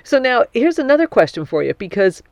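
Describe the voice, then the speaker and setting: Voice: mid-range voice, very animated, fairly quick, vocal fry, a crowd in the background. A radio show host who asks questions in a friendly manner and laughs often during a casual interview.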